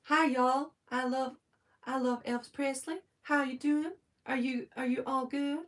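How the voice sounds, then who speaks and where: A woman's voice: high-pitched, fairly even intonation, unhurried, voice pushed up. A Scottish woman putting on a chirpy southern drawl. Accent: put-on American southern drawl over Scottish. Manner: hammy, self-mocking, sing-song.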